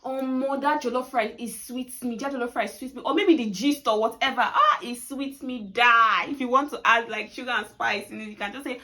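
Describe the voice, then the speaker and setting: A woman's voice: fairly high pitch, steady tone, a little fast, few pauses, a bit bright, rough recording. A young Nigerian woman giving a casual video lesson, chatty and laughing often, acting out sample phrases with playful emphasis. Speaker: language teacher.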